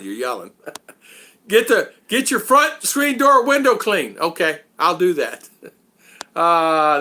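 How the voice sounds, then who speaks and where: A man hosting a relaxed live stream chat, his voice bright and somewhat high for a man. He rambles, drops in frequent fillers and chuckles as he talks to viewers.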